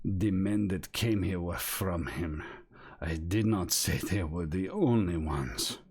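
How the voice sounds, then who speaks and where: A man's voice: sits low, a little mellow, breathy edge, full character voice. Man doing a cryptic old scientist with an accent. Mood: ominous. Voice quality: thick put-on accent. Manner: slow, terse, ominous.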